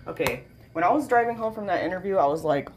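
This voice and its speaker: A woman's voice: fairly low pitch, expressive, fast, a little hiss or hum. A tired, sleep-deprived woman with a nasal voice, talking in a rambling casual vlog, full of "like" and "you know" and freely swearing. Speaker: vlogger.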